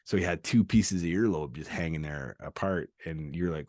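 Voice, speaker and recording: Deep-voiced man telling a rowdy story. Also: animated, brisk, a little mellow, dry recording, clean studio sound. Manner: storytelling, profane, acts out quoted voices. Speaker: podcast host. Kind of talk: unscripted casual chat.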